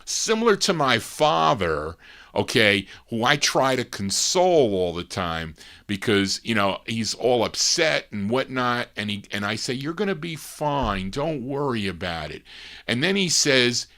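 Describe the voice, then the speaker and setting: A man's voice: medium pitch, unhurried. A man hosting a record show, telling a long personal story in casual chat and acting out the quoted lines of other people. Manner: animated, acts out quoted dialogue. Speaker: radio show host.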